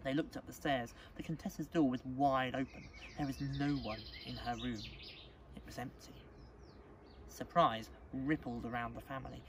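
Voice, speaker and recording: A male teacher reading a storybook aloud at a school assembly, expressive and dramatic. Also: mid-range voice, moderate pace. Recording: distant mic, faint background noise.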